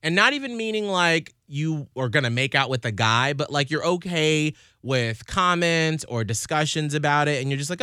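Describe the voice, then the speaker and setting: A man in his thirties hosts a casual podcast chat, teasing his guests with a lively, swooping voice. His tone is bright and ringing, and the recording is close and dry. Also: on the high side, normal speed, few pauses, clear, resonant tone, no echo. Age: 30s. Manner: playful, teasing, animated. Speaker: podcast host.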